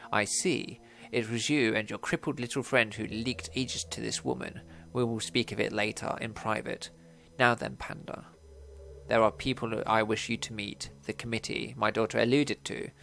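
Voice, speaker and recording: A man voicing a cold, commanding elf father who speaks formally and in measured tones in a video game. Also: fairly low pitch, steady tone, creaky, a bit bright, slight background noise.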